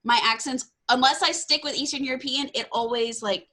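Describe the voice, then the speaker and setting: A woman's voice: sits high, fairly even intonation, brisk, bright, forceful tone. A woman in her twenties from Texas hosting a podcast, chatting casually and laughing often at herself. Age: 20s. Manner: bubbly, laughs often, self-deprecating. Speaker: podcast host. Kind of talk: casual interview chat.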